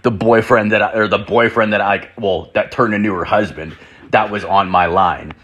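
Young dude drinking and rambling crude stories at home, lowish voice, says like constantly, swears a ton. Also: male voice, fairly even intonation, moderate pace, a bit bright, lo-fi sound. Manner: rambling, heavy filler "like", profane. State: drinking whiskey. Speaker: podcast host. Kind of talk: crude storytelling monologue. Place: home room with door open.

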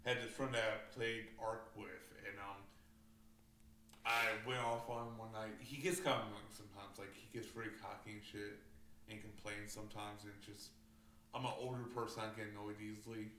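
A man with a lowish voice tells gaming stories in a casual chat, swearing a lot and filling his speech with fillers. His intonation stays fairly even at a normal speed, and his tone sounds pushed and bright. The recording is roomy with a distant mic, faint ambience, and slight background noise.

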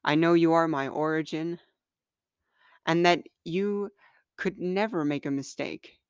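A woman reading her own book aloud, slow and earnest, in a smooth, soft-spoken voice. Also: deep voice, no room sound, studio quality.

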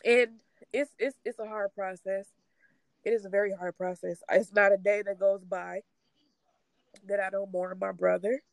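A woman speaking in a halting, tearful way, sharing her grief in a casual conversation. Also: medium pitch, little pitch movement, creaky, no echo, poor audio. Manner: halting, tearful, trying not to cry. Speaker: grieving sister sharing her story.

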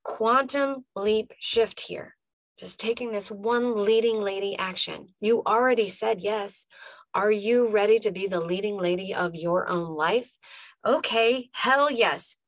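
A woman's voice: medium pitch, a little slow, no room sound. A woman life coach giving a motivational podcast monologue, emphatic and talking straight to the listener, repeating punchy phrases.

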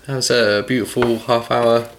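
A man's voice: mid-range voice, level tone, normal speed. A man hosting a podcast in casual chat, wry and teasing. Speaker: podcast host. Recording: noisy recording.

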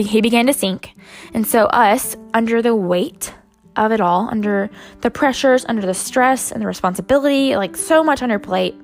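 Young woman, casual devotional vlog, rambling with fillers, gravelly fry, faint music bed. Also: mid-range voice. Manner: rambling, many "um"s and "you guys". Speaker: Christian vlogger sharing a devotional.

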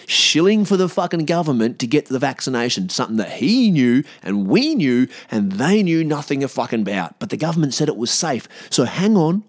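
A man with an Australian accent, hosting a podcast in a casual monologue, blunt and profane, his pitch and volume jumping up when he gets worked up. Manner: profane, heated and blunt, with sudden rises in pitch and loudness. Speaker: podcast host.

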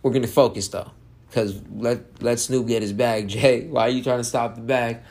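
A man hosting a casual solo podcast, rambling and excitable while high, jumping off topic. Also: normal speed. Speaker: podcast host.

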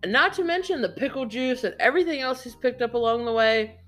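A woman co-hosting a casual movie review, chatty and expressive, laughing often. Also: a little high, fast talker, soft background music. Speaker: podcast co-host.

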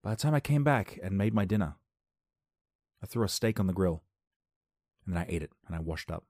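A young man with a very low voice that still swings widely in pitch, talking loosely and jokily as he hosts his own podcast. The sound is close and dry, with no room around it. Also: animated, fairly quick, long pauses, darkish tone, no room sound. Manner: playful, rambling, laughs at own jokes. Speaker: podcast host. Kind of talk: casual solo podcast monologue. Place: dim room at home.

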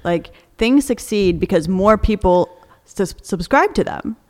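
A woman's voice: medium pitch, expressive, measured pace, big-room sound. A woman co-hosting a casual podcast, arguing her points with energy and laughing often. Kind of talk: casual debate chat.

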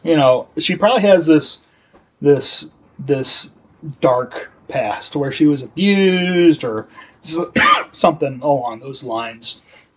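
A man's voice: fairly high pitch, lively intonation, slow pace, rough recording. A man co-hosting a podcast, rambling through a casual recap with fillers and acted-out dialogue. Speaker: podcast co-host. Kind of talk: casual chat recapping a TV episode.

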